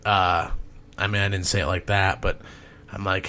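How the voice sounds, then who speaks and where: A man who works as a home inspector tells a story in a casual, rambling podcast style, swearing often and clearing his throat. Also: deep voice, flat delivery, moderate pace, pushed and bright.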